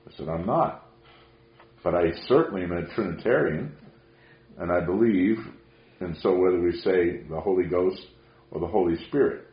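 A man preaching a sermon, telling stories emphatically and rising to loud peaks. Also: low-pitched, normal speed, long pauses. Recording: roomy, dull lo-fi sound.

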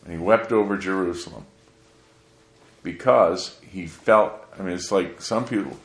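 A pastor with a low voice preaches a sermon at a measured pace, putting rhetorical questions to his congregation. The sound is reverberant.

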